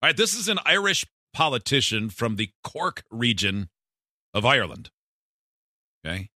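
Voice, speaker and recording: A man's voice: mid-range voice, normal speed, no echo, studio quality. A man hosting a radio show, chatting casually and playfully with his co-hosts. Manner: playful, animated. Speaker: radio host. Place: radio studio. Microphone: studio mic.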